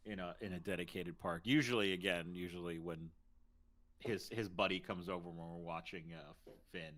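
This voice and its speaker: A man co-hosting a podcast, chiming in with relaxed short comments in casual chat. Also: low-pitched, normal speed, a little hiss or hum. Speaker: podcast co-host.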